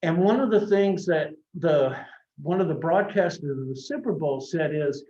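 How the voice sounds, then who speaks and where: A man's voice: a little high, normal speed, darkish tone. A middle-aged man gives a college lecture in a roomy, echoing classroom. He sounds set back from the microphone, and the recording is dull and muffled. His talk is loose and anecdotal, full of restarts. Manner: conversational, anecdotal, frequent restarts. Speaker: college marketing instructor. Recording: echoey classroom from a distant mic, dull sound.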